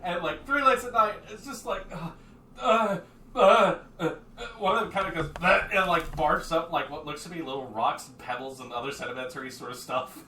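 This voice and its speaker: A man narrating as game master of a tabletop game, lively and quick to jump into shouting voices for the figures. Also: on the high side. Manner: animated, jumps into shouted character voices. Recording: echoey room from far off, faint noise.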